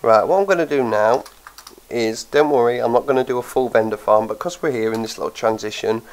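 A man's voice: medium pitch, fairly quick, rough recording. A man with a cold and a blocked nose, tired, chatting casually as he plays and thinks aloud with plenty of ums. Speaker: gaming channel host. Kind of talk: casual gameplay commentary.

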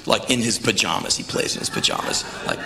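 A man's voice: on the low side, huge pitch swings, a little fast, creaky. Intense, profane man telling stories live. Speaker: spoken word performer. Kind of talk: live spoken word storytelling. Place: stage in a large venue. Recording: echoey live venue with crowd noise.

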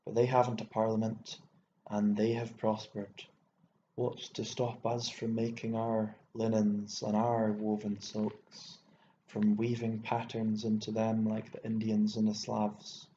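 A man's voice: lowish voice, completely flat delivery, unhurried, lightly acted. A man doing a wheezing, scornful old Irish landowner. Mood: contemptuous. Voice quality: wheezing, scornful, bursts into shouting. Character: hot-tempered bitter old male landowner, drinking. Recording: dull lo-fi with faint hiss.

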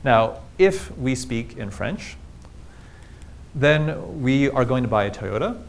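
A man of middling pitch gives a public talk on language, walking listeners through his slides and asking them questions as he goes. His delivery is engaged and explanatory. A faint low rumble sits behind the recording. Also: lively intonation, slow pace. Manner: explanatory, engaged, asks the audience rhetorical questions. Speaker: linguistics lecturer.

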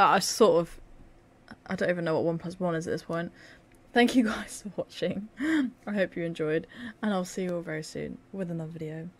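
Tired, sarcastic young woman gaming. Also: fairly low pitch. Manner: sarcastic, joking, self-mocking. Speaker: gaming video creator. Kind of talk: casual gameplay commentary.

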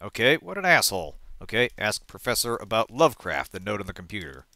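A man hosting a let's play, reading game text aloud and thinking out loud, often trailing off and correcting himself. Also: fairly low pitch, very animated, fast talker, dry recording.

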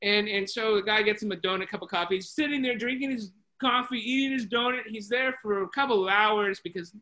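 Bible study leader telling a story over a video call, bright voice, lots of restarts. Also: mid-range voice, fairly quick, poor audio. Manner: lively, chatty retelling with many restarts and voices.

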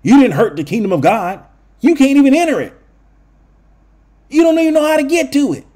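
A man's voice: extremely high pitch, big pitch swings, brisk, dark tone. A man preaching a sermon in an emphatic, drawling, vernacular way. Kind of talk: street-style sermon.

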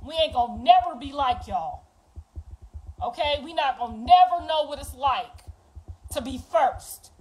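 A middle-aged woman, speaking openly to her viewers. Her talk is raw and full of profanity. She swings from low, quiet stretches to loud, heated bursts. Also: animated, unhurried, low-quality recording. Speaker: mother speaking out. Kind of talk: emotional monologue to viewers.

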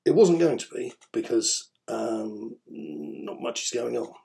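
A gravelly-voiced man talks through his daily podcast at a middling pitch. He rambles, hesitates over frequent ums, and keeps a dry, wry tone. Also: very animated, takes it slowly, dark tone. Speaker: podcast host. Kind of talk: casual spoken commentary.

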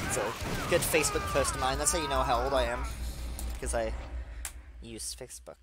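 A man in his thirties who is stoned, giving rambling, digressive gameplay commentary with excited outbursts. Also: medium pitch, a little fast. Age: 30s. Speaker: video game streamer. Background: game music.

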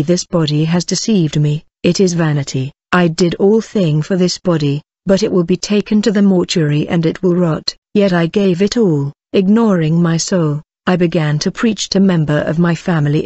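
A woman recounting a religious testimony in an earnest, steady storytelling manner. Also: fairly low pitch, no room sound. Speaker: testimony narrator. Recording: dull lo-fi dry recording.

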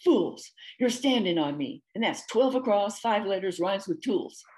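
A woman's voice: mid-range voice, lively intonation, unhurried, a little mellow, lightly acted. A woman voicing a nasty, sulky old man who is a living crossword puzzle, snarling and disagreeable.

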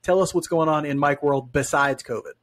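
A man's voice: a little high, a little fast. A man co-hosting a sports podcast, chatting in a friendly, self-deprecating way. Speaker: podcast co-host. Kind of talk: casual sports chat.

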